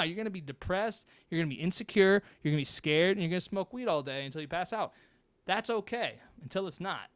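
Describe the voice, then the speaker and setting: A man's voice: a little high, smooth. A young man hosting his own show, talking bluntly and with swearing in a fired-up motivational monologue. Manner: blunt, profane, animated. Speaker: host.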